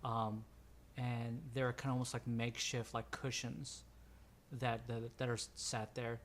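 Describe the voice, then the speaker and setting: A man's voice: medium pitch, flat delivery, a little slow, a little hiss or hum. A man narrating a tabletop role-playing game as game master, rambling and filling his descriptions with ums and restarts.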